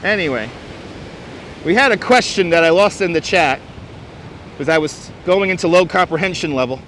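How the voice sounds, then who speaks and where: A high, bright-toned man chats with his livestream viewers on a beach, joking wryly about their comments. Faint wind and surf noise sit under his clip-on mic, and he sounds quick and sharp. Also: lively intonation. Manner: wry, joking, mock-announcer asides. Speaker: livestream host. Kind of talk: casual livestream chat reading viewer comments. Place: outdoors on a windy beach. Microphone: wireless clip-on mic.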